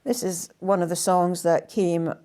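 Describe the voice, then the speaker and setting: Older woman, Scottish accent, fireside storyteller, warm low voice, soft and halting. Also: little pitch movement. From Scotland. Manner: soft-spoken, halting, often trailing to a hush. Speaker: storyteller and singer. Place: indoors in a house by a fireside.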